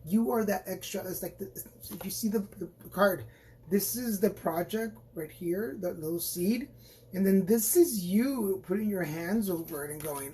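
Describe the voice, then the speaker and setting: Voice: medium pitch, moderate pace, warm tone, a little hiss or hum. Chatty, rambling tarot reader on a phone mic. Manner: chatty and rambling, with frequent restarts and playful asides; encouraging and reassuring toward viewers. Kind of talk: live-stream tarot reading.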